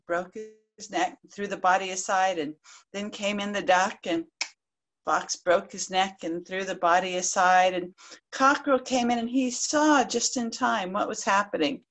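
A woman storyteller narrating a folk tale aloud in a lively, expressive way. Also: medium pitch, measured pace. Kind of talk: live oral storytelling.

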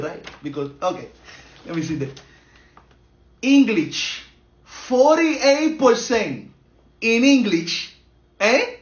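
A man's voice: fairly high pitch, lo-fi sound, a little hiss or hum, close to an everyday voice. A man playing a blunt Spanish-accented dad. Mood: scolding. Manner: broken English, sarcastic scolding, chuckling asides. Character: blunt, hot-tempered Latino immigrant dad. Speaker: comedy sketch creator. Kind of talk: comedic skit acting.

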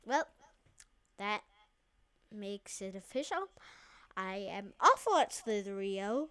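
A woman hosting her own channel, giving casual gameplay commentary in a playful way that swings between quiet mumbling and excited outbursts. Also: mid-range voice, very slow, pauses often, clean tone. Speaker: channel host.

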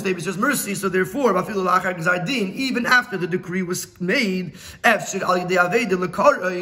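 Bright high-voiced rabbi teaching a class. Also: male voice. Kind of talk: Torah lesson explaining a text.

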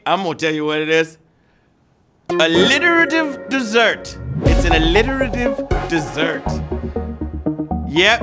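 Male trivia host, high and bouncy, playful with the players, over backing music. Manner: playful, hyped, sing-song with teasing rhymes; calls players "babies". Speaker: game show host. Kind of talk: live trivia game show hosting. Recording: music bed playing under the voice.

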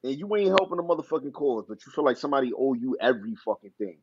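A man's voice: mid-range voice, expressive, very fast, highs cut off. A man, co-hosting a podcast, talking bluntly and heatedly with lots of swearing. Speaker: podcast co-host. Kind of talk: casual chat.

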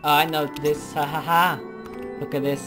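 A woman's voice: low voice, little pitch movement, normal speed, over music. A woman casually commenting on her video game play, swearing and apologizing for herself. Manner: sweary and self-deprecating. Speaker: let's play gamer.

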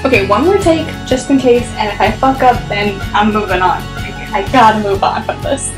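A woman's voice: mid-range voice, normal speed, roomy sound, over music, rough recording. A young woman reviewing a podcast in a casual home vlog, chatty and giggly, with lots of fillers and restarts. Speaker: book vlogger.

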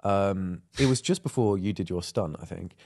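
A man's voice: low voice, normal speed, darkish tone. A young man co-hosting a podcast in casual chat, rambling with lots of fillers and laughter. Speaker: podcast co-host.

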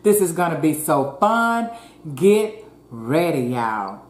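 Low-pitched and darkish in tone, a woman speaks slowly with a sing-song lilt while hosting a mukbang. She chats homily with viewers and murmurs "mm" between bites, in a roomy, echoey space with faint ambience.

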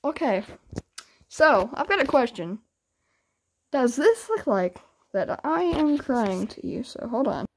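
A woman with a high voice argues hard in a game voice chat. She taunts and challenges, sounding exasperated and combative as she pushes back again and again. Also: big pitch swings, takes it slowly, pauses often, slight background noise. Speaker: gaming YouTuber.

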